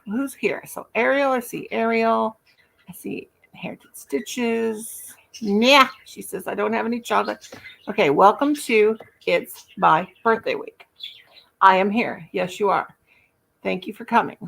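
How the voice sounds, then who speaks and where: A woman's voice: mid-range voice, vocal fry, a bit bright, poor audio. A middle-aged woman with a Southern US accent hosts a casual crochet livestream, playful and chatty, humming nonsense syllables. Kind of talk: casual live chat.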